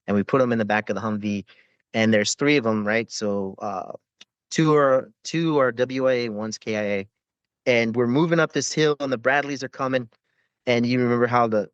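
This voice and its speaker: A man's voice: medium pitch, no room sound. A man, a former Navy corpsman, telling rambling war stories with lots of swearing and fillers in a casual podcast interview.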